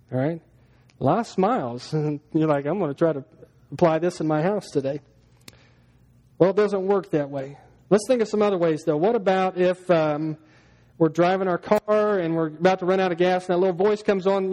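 A man's voice: sits high, a little fast, darkish tone. A man preaching a sermon as pastor, talking to the congregation in a chatty way and acting out everyday scenes in little voices. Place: church hall. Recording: long hall reverb.

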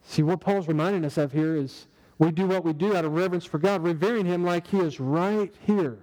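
A man's voice: a little high, brisk, mellow, long reverb tail, low-quality recording. A man preaching a sermon in a conversational way, asking the congregation rhetorical questions. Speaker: pastor.

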